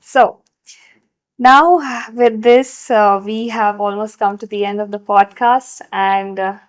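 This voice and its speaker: A woman hosting a podcast, asking rapid-fire questions in a bubbly way and laughing often. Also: mid-range voice, fairly even intonation. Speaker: podcast host.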